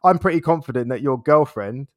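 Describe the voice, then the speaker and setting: A man's voice: medium pitch, lively intonation, brisk, no room sound, studio quality. A man as an interview guest, talking in a reflective, casual way, laughing often and repeating words as he thinks.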